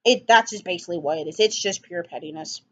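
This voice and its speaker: A woman's voice: lowish voice, fast talker, a bit bright. A woman giving a casual spoken album review, enthusiastic and rambling, with frequent ums and restarts.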